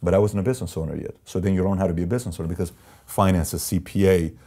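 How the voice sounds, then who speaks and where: A man's voice: low voice, fairly even intonation, racing, mellow. A man telling stories from his business life as an interview guest, in an intense, emphatic way, acting out the voices of the people he quotes. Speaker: interview guest, company CEO. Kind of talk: storytelling in a sit-down interview.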